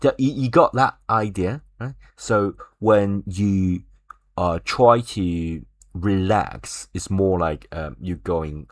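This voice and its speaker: Speaking slowly in a low-pitched voice, a man teaching Chinese online breaks each point down step by step, often adding fillers and "right?". His recording is dry and intimate.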